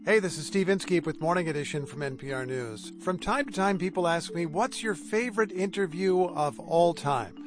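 Guy radio host asking for donations, kinda high voice, music under it. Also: normal speed, hardly any pauses. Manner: conversational, heartfelt. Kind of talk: fundraising appeal.

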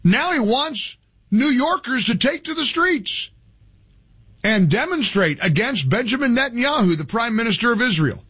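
A man's voice: very high voice, moderate pace, husky. A man hosting a talk radio show, delivering a heated, opinionated monologue with many restarts. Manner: heated, animated, stumbling restarts. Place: radio studio.

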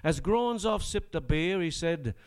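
A man's voice: fairly high pitch, expressive, measured pace, clear, resonant tone. An Australian man performing a comic rhyming ballad on stage, with dry, sardonic spoken asides between rollicking rhymed verses.

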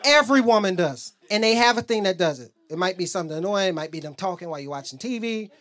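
Stand-up comic with a lively, swinging delivery. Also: male voice, sits high, fast. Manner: loose storytelling, acts out both sides of arguments. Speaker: stand-up comedian. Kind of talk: stand-up set. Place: comedy club stage.

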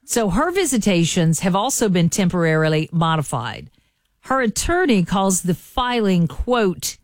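A woman's voice: fairly low pitch, big pitch swings, a little slow, dry recording, clean studio sound. A woman hosting a morning radio show, chatty and folksy. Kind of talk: morning radio entertainment chat.

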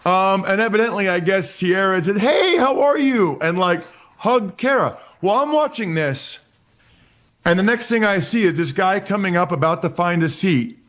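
A man in his forties from Pennsylvania, telling stories as a guest. His voice sits a bit high for a man. He is animated and keeps restarting his sentences with repeated words. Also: moderate pace. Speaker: interview guest. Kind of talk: casual storytelling.

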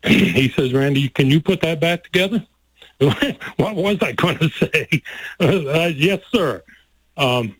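A man's voice: mid-range voice, dry recording, poor audio. An older man telling a story from his youth in a folksy way, laughing often and getting emotional. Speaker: guest telling a life story. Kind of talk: personal storytelling.

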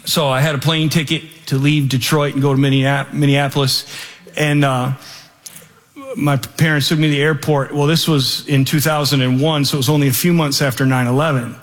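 A man's voice: medium pitch, a little fast. Man telling a story in a reverberant hall. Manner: lively, animated, acts out every voice. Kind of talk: personal storytelling to an audience.

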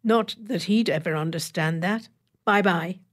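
A woman reading the part of a sharp-tongued beautician in her fifties, with dry, pointed delivery and sudden emphatic lifts. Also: fairly low pitch, a little slow. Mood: sweetly cutting.

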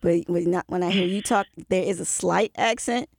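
Gravelly Baltimore man hosting, dry sound. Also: high voice, normal speed, no echo. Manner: casual, loose grammar, repeats himself, laughs easily. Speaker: interview host. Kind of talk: casual podcast interview.

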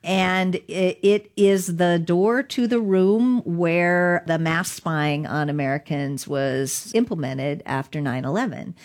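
Low-voiced woman telling an animated story. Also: slow pace, hardly any pauses. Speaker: digital rights lawyer. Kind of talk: storytelling in an interview.

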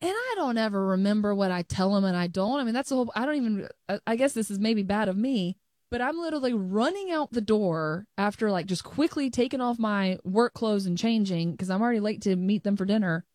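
A woman's voice: mid-range voice, lively intonation, fairly quick, darkish tone, no echo, clean studio sound. A young adult woman co-hosting a show, telling stories in a chatty way with frequent restarts. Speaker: co-host. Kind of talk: casual chat.

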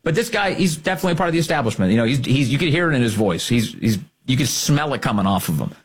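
Husky, animated male talk host. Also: medium pitch, fast. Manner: combative, emphatic, repeats key points. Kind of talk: political talk commentary.

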